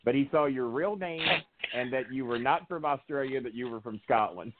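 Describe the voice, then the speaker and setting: A man's voice: mid-range voice, normal speed. A male radio host in casual talk, joking and laughing often as he tells stories over a phone line. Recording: tinny phone line with faint noise.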